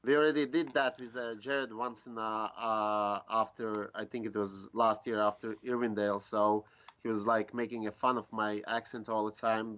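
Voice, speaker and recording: A man whose first language is Latvian, a guest driver on a podcast, talking casually and often pausing to search for words. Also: on the low side, a bit bright. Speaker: pro drift driver guest. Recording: dull lo-fi sound.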